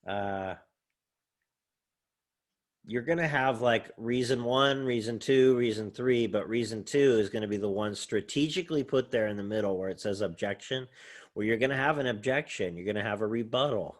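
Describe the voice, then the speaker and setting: A man's voice: lowish voice, moderate pace. A man, a college English professor, giving a casual, rambling recorded lecture while sharing his screen, thinking aloud with many fillers.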